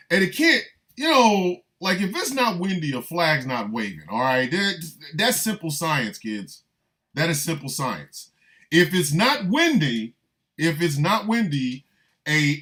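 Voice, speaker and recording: Animated man riffing in a comic monologue. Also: fairly high pitch. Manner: animated, repetitive riffing with mock-incredulous asides. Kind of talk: comedic monologue.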